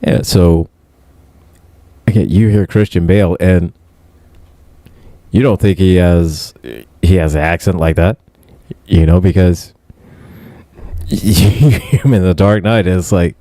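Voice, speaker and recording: A man's voice: sits low, slow pace, long pauses, mellow, dry recording. A man co-hosting a casual podcast chat, rambling with lots of fillers and easy laughter. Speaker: podcast co-host.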